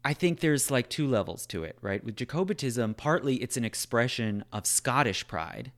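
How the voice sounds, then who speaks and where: A man's fairly bright, mid-range voice sounds animated at a moderate pace as he discusses history. The talk is loose and conversational, heavy on fillers like "like" and "right?".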